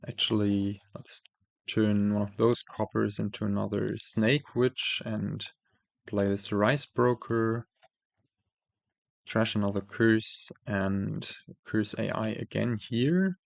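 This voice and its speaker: Gravelly-voiced man thinking aloud slowly. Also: lowish voice, steady tone, dry recording. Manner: thinking aloud, many fillers and self-corrections. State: losing his voice. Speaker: host playing a card game. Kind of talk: casual gameplay commentary.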